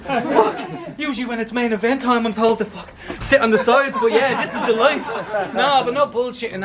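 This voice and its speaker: Man, battle rapper, very high voice, mocking, taunting, noisy outdoor recording. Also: fairly bright tone. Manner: taunting, mocking, laughs between bars. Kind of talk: performing rap battle verses. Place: outdoor event.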